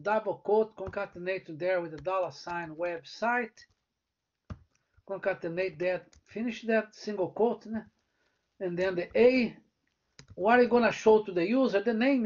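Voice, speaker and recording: Male professor, unhurried live-coding lecturer who checks in after each step, dull low-fi recording. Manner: talks through code step by step, often asking "né?" or "right?".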